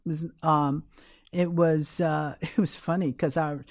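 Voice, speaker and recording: Sitting low with fairly even intonation, this older woman's voice is a little slow and a little mellow. She has a New York accent and, as an interview guest, shares candid stories, acting out the quotes. The sound is clean studio quality without any room sound.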